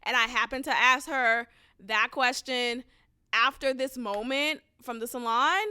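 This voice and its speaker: A young woman rants into a close mic on her podcast, animated and profane, often jumping into loud, heated bursts. Her voice sits high and sounds very bright and crisp, recorded dry with no room sound. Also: measured pace, no room sound. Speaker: podcast host. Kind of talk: casual ranting monologue. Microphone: close studio mic.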